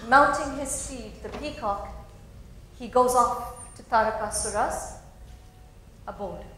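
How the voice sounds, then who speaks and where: A woman's voice: a little high, takes it slowly, long pauses, fairly bright tone. A woman narrating a story expressively, in a dramatic storytelling style. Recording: very echoey hall.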